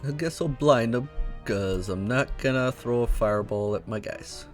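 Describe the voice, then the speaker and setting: A man's voice: medium pitch, normal speed, soft background music. A man giving casual, self-deprecating gameplay commentary with mumbled asides while playing. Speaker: let's play gamer.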